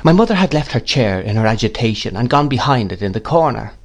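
A man narrating a classic novel in a measured, unhurried storytelling manner. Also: medium pitch, big pitch swings. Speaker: audiobook narrator.

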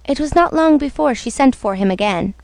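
A woman narrating a storybook on radio in a slow, measured way. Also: high voice, expressive, creaky, darkish tone, no echo. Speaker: story reader.

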